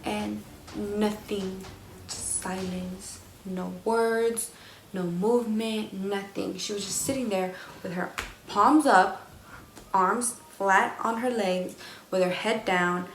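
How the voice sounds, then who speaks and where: A young woman, casually telling a personal story to camera in an animated, slangy way. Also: medium pitch, slow pace, echoey room, slight background noise, low-quality recording. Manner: animated, swears freely, slangy. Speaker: vlogger.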